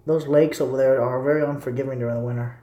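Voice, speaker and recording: A man's voice: mid-range voice, steady tone, quick pace, dark tone, echoey room, lo-fi sound. A young man casually rambling to his viewers as a streamer. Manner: rambling, repetitive, talking to viewers. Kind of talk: casual live commentary.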